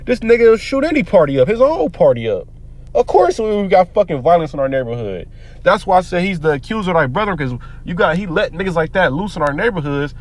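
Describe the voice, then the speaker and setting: A man giving heated, profane, preacher-like commentary on the news, quoting scripture between rants. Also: high-pitched. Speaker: commentary vlogger.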